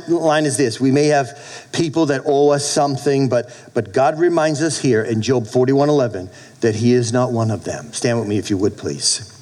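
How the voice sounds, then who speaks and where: With a mid-range voice, this man in his fifties preaches as a pastor in lively fashion. He frequently starts over and lets his voice fall abruptly quiet.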